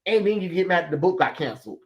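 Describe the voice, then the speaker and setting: A man hosting a livestream chat rants in a heated, blunt way, throwing in some profanity. His voice sits high and sounds animated as he talks fast. The recording is muffled.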